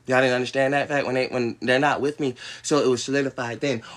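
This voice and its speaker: A man's voice: fairly high pitch, a bit bright. A man in his twenties ranting to his livestream viewers, heated and defensive, swearing often and breaking into bitter laughs. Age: 20s. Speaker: livestream host. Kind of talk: ranting monologue to live viewers.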